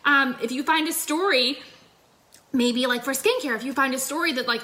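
A woman's voice: high-pitched, fairly quick, sharp tone. A young adult woman giving a chatty, upbeat sales coaching talk into her phone, full of fillers. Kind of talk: casual livestream coaching talk.

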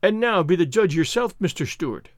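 A man voices a self-assured Highland piper, cool and needling in every word. The delivery has a lively, moving pitch. The sound is close and dry. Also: brisk, no echo. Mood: taunting. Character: bold, boastful Highland piper, cool and confident. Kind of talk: reading a novel aloud.

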